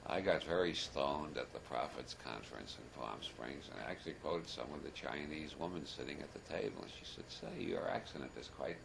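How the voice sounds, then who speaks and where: Very deep gravelly old man, wry. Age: older. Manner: wry, chuckling, meandering with self-deprecating jokes. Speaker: lecturer. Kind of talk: rambling humorous talk to a live audience. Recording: noisy archival audience recording.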